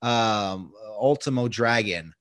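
A man's voice: on the low side, takes it slowly, a bit bright, dry recording, clean studio sound. A man hosting a casual podcast chat, loose and profane, often slipping into mock voices. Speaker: podcast host.

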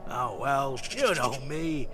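A man's voice: medium pitch, expressive, takes it slowly, over music. A man voicing a boastful old male forest god with a hearty, folksy manner. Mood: jovial. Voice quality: hearty, folksy, self-satisfied.

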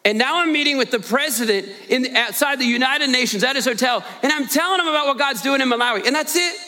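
A man as guest preacher giving an earnest, animated storytelling sermon in a church, with joking asides to the congregation. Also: very high-pitched, quick pace, big-room sound. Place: church sanctuary.

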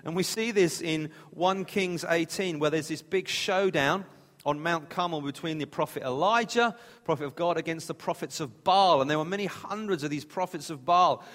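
A man preaching in a relaxed, conversational manner, now and then stumbling and restarting a phrase. His voice sits a little higher than most men's, and the long reverb of a big hall trails after each line. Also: moderate pace. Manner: conversational, plain-spoken, with restarts. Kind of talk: sermon.

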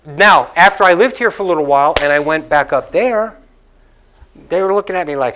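Man preaching, fairly high voice, chatty storytelling, repeats lines, church sermon then prayer. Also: animated, brisk, fairly bright tone, a little hiss or hum. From Northeastern United States. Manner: conversational storytelling preacher who laughs and repeats lines for emphasis. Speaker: pastor. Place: church sanctuary.

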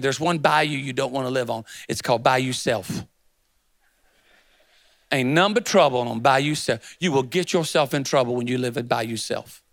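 A man's voice: mid-range voice, a bit bright, dry recording, clean studio sound. A middle-aged man preaching a sermon as a pastor, telling stories in a folksy, emphatic way.

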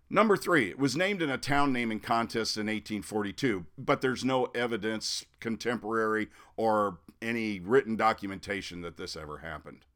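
A man's voice: lowish voice, a bit bright. A middle-aged man from Missouri hosting a podcast, telling history in a chatty monologue with wry asides. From Missouri, United States. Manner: chatty, wry asides, flares up in mock outrage. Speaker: podcast host. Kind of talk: storytelling monologue.

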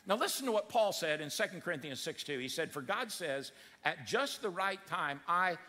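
A man preaching a sermon in a church, acting out the voices in his story with dramatic swings of pitch. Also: a little fast, long reverb tail. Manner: animated, acts out quotes with big pitch swings. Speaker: pastor. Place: church sanctuary.

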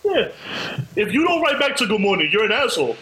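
Man, bright lively voice, laid-back, playful podcast host, faint noise. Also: high-pitched, fast talker, rough recording. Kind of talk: casual podcast chat.

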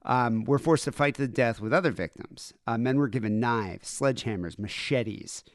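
A man's voice: mid-range voice, moderate pace, dry recording, clean studio sound. A man co-hosting a podcast, talking in a loose, chatty way with fillers and restarts. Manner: chatty, many fillers and restarts, laughs easily. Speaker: podcast co-host. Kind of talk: casual podcast chat.

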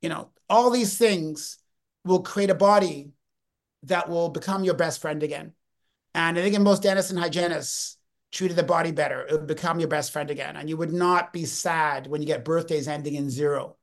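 A man's voice: fairly high pitch, normal speed. A man in his fifties, a podcast guest, talking with energy and telling stories, often breaking off and restarting his sentences. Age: 50s. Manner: energetic, storytelling, often self-interrupting. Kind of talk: podcast interview.

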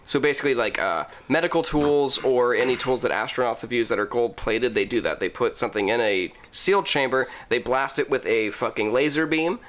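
A man's voice: mid-range voice, fairly quick, few pauses. A man co-hosting a casual podcast, rambling through an explanation with swearing and bursts of laughter. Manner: rambling, profane, breaks into laughing shouts. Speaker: podcast co-host. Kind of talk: casual chat.

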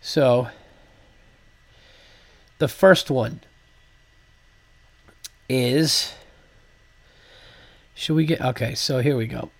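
A man's voice: medium pitch, very slow, creaky, pauses often, no room sound. Profane, congested male comedian podcaster. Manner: animated, profane, rambling with fillers. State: congested from a cold. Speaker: podcast host, stand-up comedian. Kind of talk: casual solo podcast monologue.

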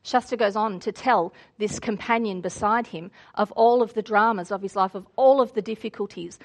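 A woman's voice: medium pitch, normal speed. A woman preacher giving a sermon, telling and reading a story in an earnest, reflective way.

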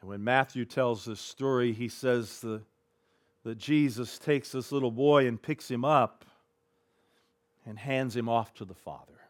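A man preaching a sermon as pastor, retelling a scripture story vividly, swinging between hushed and emphatic delivery. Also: medium pitch, unhurried.

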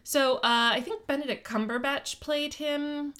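A woman's voice: high voice, steady tone, unhurried, fairly bright tone. A woman from the United States co-hosting a podcast, casually explaining a history topic and swearing now and then. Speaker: podcast co-host. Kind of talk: casual chat.

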